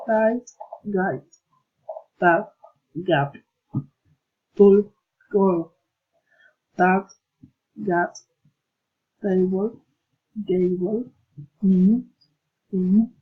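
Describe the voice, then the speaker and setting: Slow, husky woman reading drills. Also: mid-range voice, highs cut off. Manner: slow, careful, one item at a time. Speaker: learner practicing English pronunciation. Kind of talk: reading word lists and drill sentences aloud.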